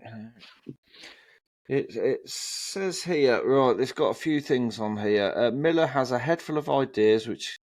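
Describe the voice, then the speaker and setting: A man's voice: medium pitch, a little mellow, no echo. Chatty man reading record blurbs, dry sound. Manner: reads album blurbs aloud with frequent ums and restarts. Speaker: co-host. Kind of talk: casual chat about records.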